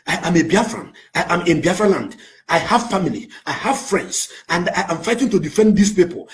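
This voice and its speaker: A man with a Nigerian accent delivers a fiery, impassioned rant to the camera, swinging between shouting and low, intense passages. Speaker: activist speaking to camera.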